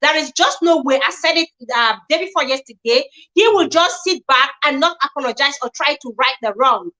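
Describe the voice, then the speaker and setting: A woman's voice: high-pitched, lively intonation, a little fast, sharp tone, low-quality recording. A woman hosting a chatty livestream, reading posts aloud, commenting on them and greeting viewers by name. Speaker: livestream host.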